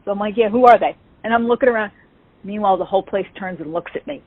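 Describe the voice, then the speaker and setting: New woman telling a lively story. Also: medium pitch, fast, no echo. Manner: animated, acts out quoted dialogue. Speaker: interview guest. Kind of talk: casual storytelling. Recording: tinny phone-like call audio.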